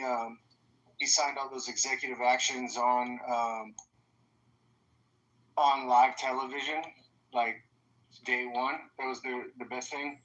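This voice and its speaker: A man's voice: medium pitch, sharp tone, poor audio. A man calling in to a live political chat, hesitant and full of ums, with casual slang. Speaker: caller.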